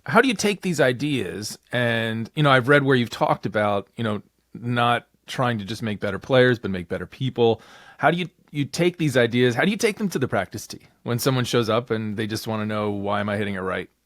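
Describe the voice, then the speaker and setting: A man's voice: mid-range voice, fairly quick, fairly bright tone, dry recording, studio quality. A man hosting a podcast, asking searching questions and rephrasing them as he goes. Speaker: podcast host. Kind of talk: interview questions.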